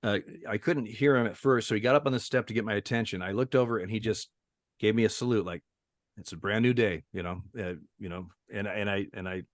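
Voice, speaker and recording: A man's voice: on the low side, fairly quick, no echo, studio quality. A man in his sixties, a retired umpire, tells stories as a guest in a casual interview, chuckling often and restarting his sentences. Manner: chuckling storyteller with many restarts. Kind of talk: casual anecdote telling in an interview.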